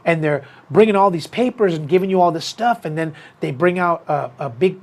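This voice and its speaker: High voiced guy hosting a fight podcast, rambly, says dude a lot, stops and restarts. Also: animated, brisk. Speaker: podcast host. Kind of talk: casual fight talk and storytelling.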